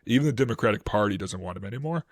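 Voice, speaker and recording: Rapid-fire and lowish in pitch, a Boston-accented co-host talks through history casually on his podcast. He rambles with lots of fillers and restarts, getting animated on quotes. The recording is studio quality with no room sound.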